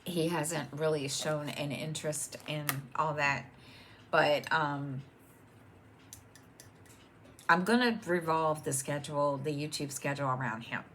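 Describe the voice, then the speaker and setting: A woman's voice: deep voice, fairly even intonation, measured pace, long pauses, fairly bright tone, a little hiss or hum. A middle-aged woman chatting casually at home as host of her own stitching channel, rambling with many ums and restarts. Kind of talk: casual chat to camera.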